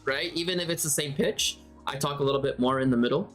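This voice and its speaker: A man's voice: on the high side, fast, few pauses, a bit bright, soft background music. A man giving a casual spoken lesson on running tabletop games, talking conversationally, thinking aloud and rephrasing as he goes. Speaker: game master teacher.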